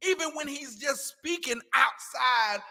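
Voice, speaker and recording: Animated high-voiced man in an echoey hall. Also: unhurried, gravelly. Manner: animated, mocking, acts out quoted voices. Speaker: class teacher. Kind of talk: casual scripture class talk.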